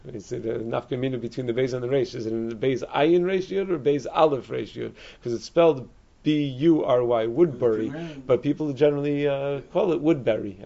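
A man teaching a Talmud class, explaining quickly with frequent restarts and Hebrew and Aramaic terms. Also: medium pitch, creaky, a little mellow. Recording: dull lo-fi recording.

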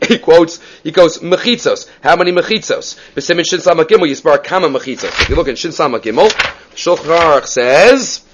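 A man's voice: fairly high pitch, expressive, fairly quick, fairly bright tone, dull audio. A man teaching a Talmud class, reading passages aloud and explaining them step by step, often asking questions and answering them himself.

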